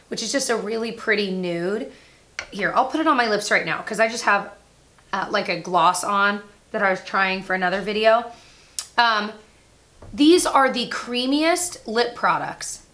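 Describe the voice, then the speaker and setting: Bright, bubbly young woman vlogger. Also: medium pitch. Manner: bubbly, chatty, talks fast and laughs at herself. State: slightly out of breath. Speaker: beauty vlogger. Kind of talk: casual chat, product review.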